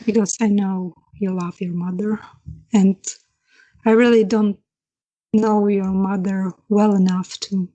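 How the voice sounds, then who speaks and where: A woman's voice: medium pitch, little pitch movement, slow pace, mellow, muffled recording. A woman playing her character in a tabletop game, speaking hesitantly and searching for words. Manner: hesitant, searching, many restarts. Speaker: player. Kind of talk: in-character role-play.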